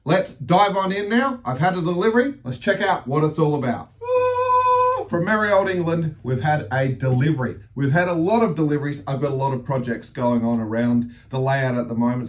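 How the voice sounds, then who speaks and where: A man hosting a model railway unboxing vlog, chatty and enthusiastic, with theatrical exclamations. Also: a little high. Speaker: model railway channel host.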